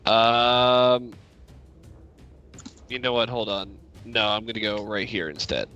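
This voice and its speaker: A man's voice: fairly low pitch, steady tone, slow pace, bright, forceful tone, lo-fi sound, faint music behind. A man playing a tabletop game, laid-back and hesitant, often laughing. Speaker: player. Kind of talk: casual tabletop game play.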